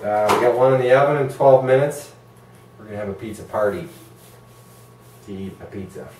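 A man's voice: on the low side, a little fast, a little mellow. A man hosting a casual cooking video, joking and poking fun at himself. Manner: joking, self-deprecating. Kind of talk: casual cooking demo banter. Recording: echoey room with light noise.

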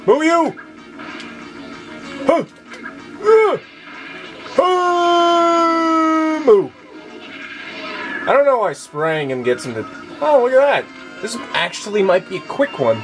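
A man commenting on his gameplay, shouting moo on a dare and swearing with excitement. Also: very high-pitched, slow, pauses often. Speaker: let's play gamer. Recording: game music behind the voice.

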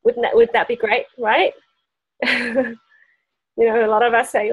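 A woman's voice: on the high side, level tone, measured pace, husky, rough recording. A woman presenting essential oils to a small group, chatty and often laughing. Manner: chatty, laughing often, acts out quoted voices. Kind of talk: casual workshop talk to a group.

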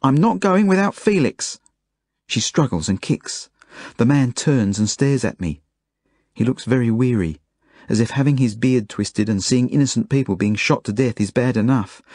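A man reading an audiobook as a first-person narration, in plain, measured storytelling. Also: fairly low pitch, a little mellow, dry recording, studio quality. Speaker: audiobook reader.

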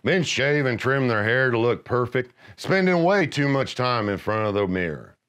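A middle-aged man narrating scripted comedy with gruff, deadpan macho pronouncements. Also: mid-range voice, normal speed.

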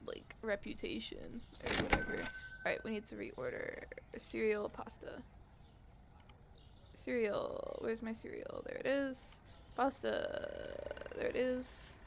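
A woman's voice: fairly high pitch, wildly swooping pitch, takes it slowly, creaky, noisy background. A young woman giving casual gameplay commentary, sarcastic and exasperated, griping at customers and dropping into mutters. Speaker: gaming YouTuber.

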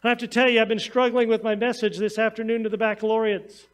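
A man's voice: sits high, flat delivery, fast talker, a bit bright. A man pastor preaching a sermon, reading scripture and then telling stories to his congregation. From United States. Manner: storytelling sermon, reads scripture then tells anecdotes.

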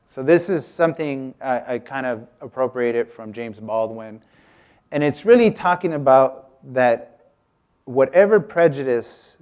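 A man's voice: mid-range voice, a little mellow. A man giving a casual artist talk to an audience, chatty, breaking off mid-sentence and asking the room questions. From United States. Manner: chatty, self-interrupting, asks the audience questions.

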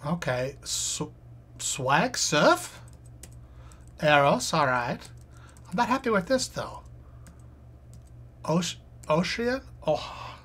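Husky low-voiced woman muttering crossword clues. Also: sing-song, extremely slow, pauses often, a bit bright. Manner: reads clues aloud and mutters guesses. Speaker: live streamer. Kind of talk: thinking aloud while solving a crossword.

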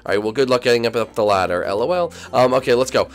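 A young man hosting a Minecraft role-play, excitable and swinging from loud shouts to mumbled asides. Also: medium pitch, fast talker, soft background music. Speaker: YouTube host and role-player.

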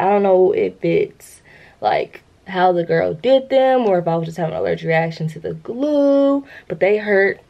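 A woman's voice: fairly low pitch, lo-fi sound. Chatty young woman vlogging to camera. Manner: chatty, rambling, keeps addressing viewers as y'all. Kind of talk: casual vlog talk to camera.

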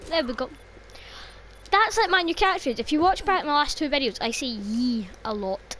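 A woman's voice: high voice, lively intonation, normal speed, a bit bright, a little hiss or hum. A young woman commentating her own gameplay, exclaiming and swearing at the game and grumbling about lag. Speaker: gaming video creator.

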